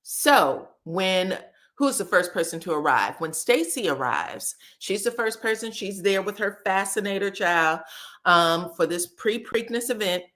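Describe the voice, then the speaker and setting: Speaking at a measured pace with a medium pitch, a woman gives a chatty, gossipy recap of a reality TV episode. She acts out what the cast said using animated voices.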